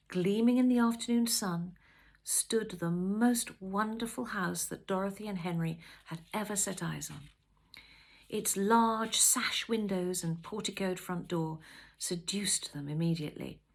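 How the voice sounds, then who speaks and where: A woman reading a novel aloud with expressive, measured storytelling. Her pitch moves a lot as she shapes each sentence. She sounds like an author sharing her own book.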